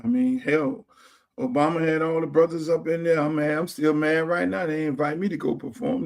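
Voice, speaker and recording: A middle-aged man, hosting a livestream in a blunt, profane, animated manner. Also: on the high side, vocal fry. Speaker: host. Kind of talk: casual livestream talk. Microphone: streaming setup.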